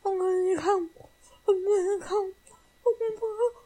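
High soft elf girl played by a woman, needy and breathy, slow and drawn out. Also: poor audio. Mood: urgent.

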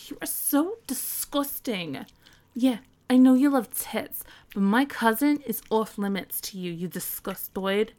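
A giggly, bossy young woman, played by a woman, in an audio role-play. She teases and scolds in mock disgust. Her speech is slow and her voice sits a little high. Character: teasing, bossy young woman on a phone call.

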